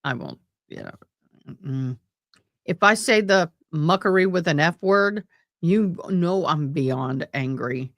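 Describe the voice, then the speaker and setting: Slow, lively woman stream host. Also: low voice, dry recording. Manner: chatty, bantering with viewers. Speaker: livestream host commenting on a trial. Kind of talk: casual live commentary.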